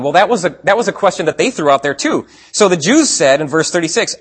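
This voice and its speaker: Husky man preaching conversationally. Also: a little high, expressive, fast talker, few pauses. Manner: conversational preaching with rhetorical questions, swings between quiet and emphatic. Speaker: pastor. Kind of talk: sermon.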